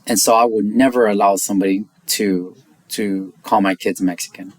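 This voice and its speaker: American man, lowish voice, dry close sound, profane heated rant for a vlog. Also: fairly even intonation, no echo. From United States. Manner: blunt, heated, profane, speeds up and slows for emphasis. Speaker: vlogger. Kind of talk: opinion rant to camera.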